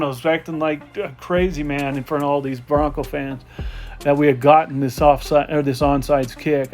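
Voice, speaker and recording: A man telling a casual, animated story about a football game he watched from the stands. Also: on the high side. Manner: excited, animated game recap with laughs. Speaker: football fan.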